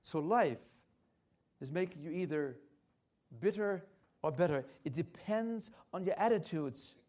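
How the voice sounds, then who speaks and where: A man's voice: fairly high pitch, expressive, a little slow, darkish tone. An older man giving a church health lecture, emphatic and repetitive, with frequent hesitant restarts. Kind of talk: health talk at a church conference.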